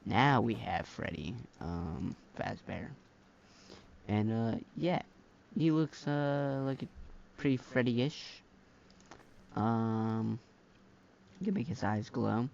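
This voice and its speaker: A man narrates a game-mod review in loose, slangy commentary full of fillers. His voice has a gravelly fry at a middle pitch. The recording sounds dull and lo-fi. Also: takes it slowly, pauses often, a little mellow, slight background noise. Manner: rambling, filler-heavy, slangy. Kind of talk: casual gameplay commentary. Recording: dull lo-fi mic.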